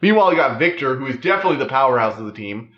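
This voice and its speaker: A man's voice: medium pitch, lively intonation, rapid-fire. A man giving a casual, rambling spoken review of a TV season, with lots of "like" and restarts. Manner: rambling, loose, full of "like" and restarts. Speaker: TV show reviewer. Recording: roomy, slightly dull recording.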